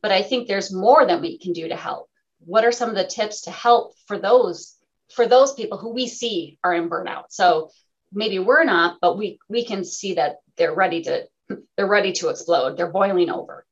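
Lively woman radio host, lo-fi. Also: medium pitch, normal speed. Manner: animated, laughing, acts out quotes. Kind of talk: casual radio chat.

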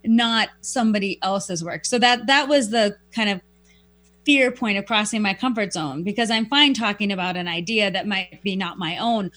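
A woman guest who speaks professionally, telling stories in a reflective, animated way and acting out quoted lines. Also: mid-range voice, moderate pace. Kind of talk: conversational storytelling.

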